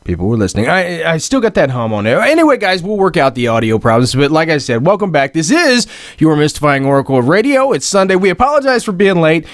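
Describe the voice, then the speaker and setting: A man hosting a live internet radio show, casual banter delivered loudly with frequent laughs. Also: on the high side, quick pace, dry recording, clean studio sound. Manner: loud, laughs often, animated. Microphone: studio microphone.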